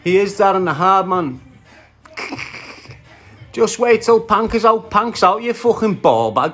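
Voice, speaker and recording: A man's voice: high voice, animated, takes it slowly, long pauses, a bit bright, soft background music. A man with a Liverpool Scouse accent ranting on a phone livestream, aggressive and profane, trading insults while greeting viewers by name. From Liverpool, England. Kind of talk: casual livestream rant.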